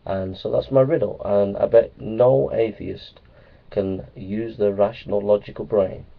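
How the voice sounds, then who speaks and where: A man's voice: on the low side, steady tone, unhurried, gravelly. A man talking casually to his viewers in a rambling, playful way. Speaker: vlogger. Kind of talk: casual vlog talk. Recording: tinny phone-like sound.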